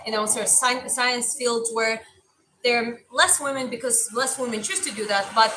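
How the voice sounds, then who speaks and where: A woman's voice: a little high, moderate pace, bright, forceful tone, slight background noise, low-quality recording. A young woman with a mild Eastern European accent, chatting casually as a stream host and answering viewer comments. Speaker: livestream host and boxing coach.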